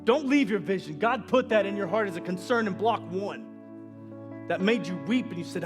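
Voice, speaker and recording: A man preaches with urgent, repetitive exhortation, driving each line home. His voice sits high for a man, and soft music plays faintly underneath. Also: fairly quick. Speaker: pastor. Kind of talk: sermon.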